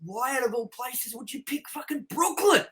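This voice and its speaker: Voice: high voice, animated, normal speed, a bit bright. A movie-review co-host in casual chat, ranting with exasperation and plenty of swearing.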